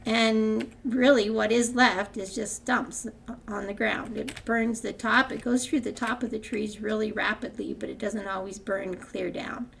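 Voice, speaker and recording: A woman's voice: medium pitch, steady tone, unhurried, gravelly, fairly bright tone, a little hiss or hum. An older woman hosting a gaming channel, chatting casually through her gameplay with frequent laughs and rambling restarts.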